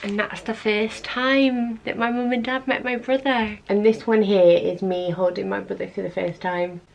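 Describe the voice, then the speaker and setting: A woman's voice: mid-range voice, steady tone, normal speed, gravelly. A young adult woman vlogging casually to camera, chatty and nostalgic, full of "like" and "oh my gosh".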